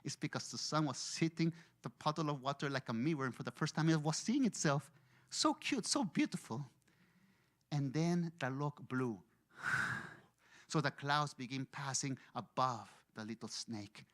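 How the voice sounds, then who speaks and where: A man from Mexico, giving a storytelling sermon as a guest speaker. He moves between hushed and excited delivery. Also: medium pitch, normal speed.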